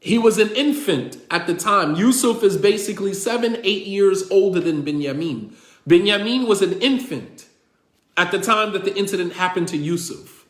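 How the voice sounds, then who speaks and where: A man's voice: high voice, animated, normal speed, a bit bright, reverberant. A man giving a religious lecture as a story, retelling dialogue, quoting Arabic and repeating lines for emphasis. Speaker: religious teacher.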